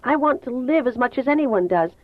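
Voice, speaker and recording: A woman's voice: high voice, expressive, a little fast, dry recording, pitched above the performer's own voice. A woman reading an audiobook voices a bitter, anxious teenage girl in a slightly raised, tense voice. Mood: pleading. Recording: tinny phone-like dry sound.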